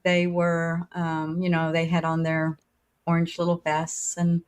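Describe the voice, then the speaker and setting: A woman's voice: fairly low pitch, completely flat delivery, a little slow, clean tone. An older woman co-hosting a podcast with her son, telling a folksy story in a chatty way and acting out the lines of the people in it. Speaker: podcast co-host. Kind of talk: casual chat, telling a story.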